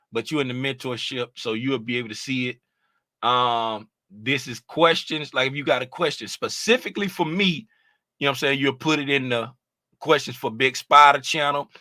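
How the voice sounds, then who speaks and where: A man's voice: mid-range voice, bright, forceful tone, no room sound. A man hosting a casual livestream as a trading mentor, explaining things in a laid-back, rambling way with lots of "you know what I'm saying.".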